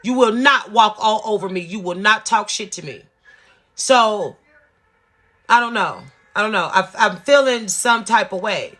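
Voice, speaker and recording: A woman in her fifties tells a storytime rant to her viewers, swearing freely and repeating her points for emphasis. Her voice is bright and sharp, with an emphatic, insistent delivery. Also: mid-range voice, a little slow. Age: 50s. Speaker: vlogger.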